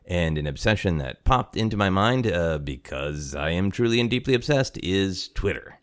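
A man's voice: low voice, lively intonation, moderate pace. A man hosting a podcast from his apartment, chatting casually in a rambling, self-deprecating way and laughing often. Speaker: podcast host. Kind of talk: casual chat. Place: home apartment.

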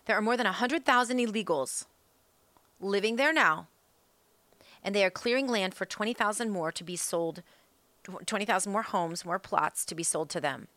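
A woman's voice: medium pitch, normal speed, pauses often, a bit bright, no echo. A woman hosting a political talk show, delivering a fired-up, emphatic monologue that is full of rhetorical questions. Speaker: political commentary host.

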